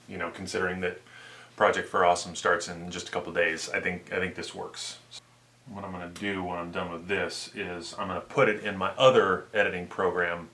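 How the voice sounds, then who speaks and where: A man's voice: sits low, pushed and bright. A man in his thirties, chatting casually in a vlog as he explains his plans. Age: 30s. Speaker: vlogger.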